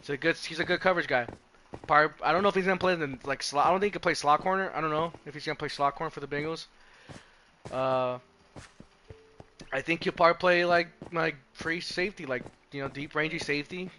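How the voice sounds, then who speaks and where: A man's voice: on the high side, fast talker, bright, forceful tone, a little hiss or hum. Profane rambling young male streamer. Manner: profane, rambling, self-interrupting. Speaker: live streamer. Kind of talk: casual live-stream chat about football.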